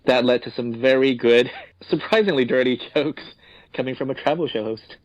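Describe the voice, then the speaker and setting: A man's voice: mid-range voice, moderate pace, no echo. A male podcast co-host who jokes and laughs easily. The recording is dry and a little muffled. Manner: jokey, laughing often. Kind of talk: casual podcast chat.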